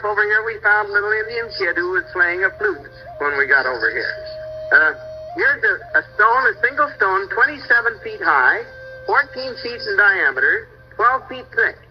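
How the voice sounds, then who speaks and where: An older man with a high voice narrates travel slides in a folksy, explaining way and now and then stumbles over place names. The recording is dull and lo-fi, with faint music underneath. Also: sing-song, normal speed.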